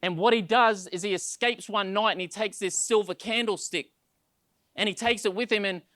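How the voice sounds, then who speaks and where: A man's voice: high voice, moderate pace, bright, forceful tone, no room sound, studio quality. A male pastor preaching a sermon, telling stories with acted-out quotes, often repeating words as he starts sentences.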